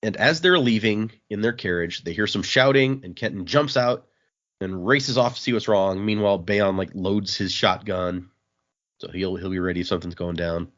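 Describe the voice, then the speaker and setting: Man, low voice, casual podcast plot recap, quick character asides, dull muffled audio. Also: fairly bright tone. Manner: summarizes plot, briefly voicing characters in quotes. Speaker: podcast host recapping a comic. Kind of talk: casual chat.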